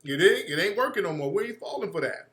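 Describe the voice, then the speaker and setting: A man rants through a political commentary monologue, blunt and profane. His voice sits a little high and cuts through brightly, and an echoey room rings around him. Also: fast talker. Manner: blunt, profane, animated ranting. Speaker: radio show host.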